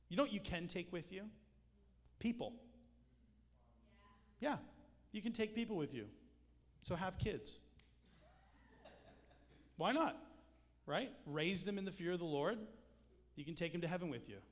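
A man's voice: sits high, lively intonation, unhurried, long pauses. A man preaching a sermon in a conversational way, with jokes and emphatic points. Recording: long hall reverb with music behind.

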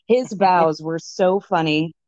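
A woman's voice: lowish voice, slow, a little mellow, no echo. Chatty young woman, muffled dry sound. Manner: chatty, laughs often, many fillers. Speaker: guest. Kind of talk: casual chat. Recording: dull lo-fi sound.

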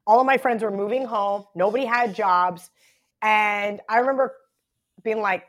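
A woman's voice: mid-range voice, fairly quick. A woman in her thirties, a podcast guest, telling a long story in casual chat, full of "like" and "right?". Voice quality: chatty, lots of "like" and "right?".

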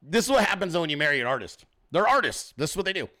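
A man in his forties hosting a show, telling stories in a swearing, animated rant. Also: on the high side, quick pace. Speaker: show host. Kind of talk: profane ranting monologue.

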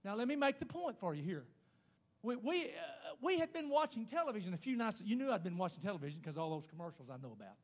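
Man, sermon, very high pitch, emphatic, repetitive. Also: very animated. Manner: emphatic, repetitive, rising to shouts; pauses to speak in tongues. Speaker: preacher.

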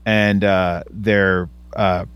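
A man's voice: low-pitched, flat delivery, very slow, fairly bright tone, clean tone, dry recording. A man in his thirties chatting casually on a podcast, hesitant with many fillers and restarts. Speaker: podcast co-host. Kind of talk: casual chat.

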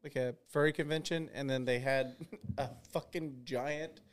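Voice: mid-range voice, steady tone, a little slow. A podcast co-host in casual chat, swearing a lot and joking with laughs.

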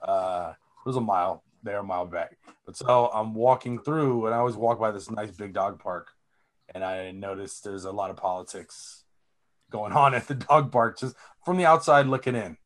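A man's voice: fairly low pitch, normal speed. A man in a casual chat, laid-back and teasing in his reactions.

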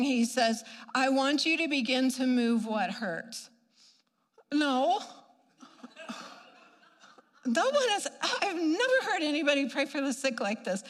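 A woman giving an animated personal healing testimony, acting out her own reactions and laughing often as she tells it. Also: high voice, long reverb tail. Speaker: speaker sharing a healing testimony.

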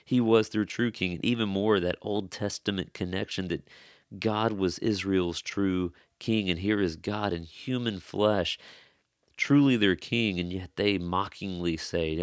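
A man's voice: deep voice, moderate pace, no echo, clean studio sound. A man preaching an expository sermon in an earnest, conversational way, stressing key phrases.

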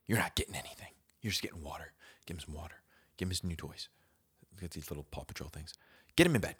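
A young man hosting his own podcast, telling a casual story in a slangy, animated way, dropping to whispers and jumping to shouts as he acts it out. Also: low voice, fast talker, slightly rough. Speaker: podcast host.

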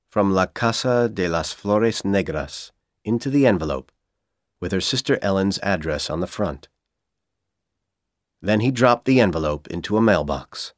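A man with a Persian accent narrates an English audiobook in a deep, low voice. He reads slowly and deliberately, with lively rises and falls in his pitch. The sound is dry and close. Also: dry recording. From Iran. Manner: clear, deliberate, expressive reading. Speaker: audiobook reader for English learners.

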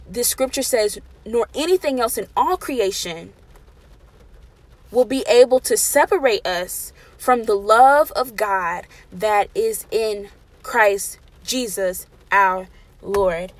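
A woman preaching a sermon with passion, swinging between loud emphatic declarations and soft, intimate pleading, and repeating key phrases for emphasis. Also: medium pitch.

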